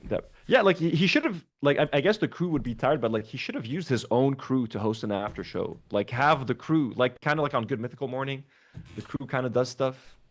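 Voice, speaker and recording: Brief: casual male streamer, lively pitch, loose and profane. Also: brisk. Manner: animated, swearing, lots of fillers. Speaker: livestream co-host. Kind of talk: casual reaction stream chat.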